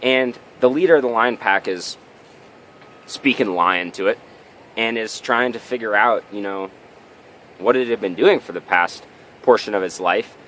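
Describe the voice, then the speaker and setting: A man's voice: lowish voice, a little slow, long pauses, fairly bright tone, slight background noise. A man giving a motivational vlog talk, telling a story and often checking in with tag questions. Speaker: vlogger.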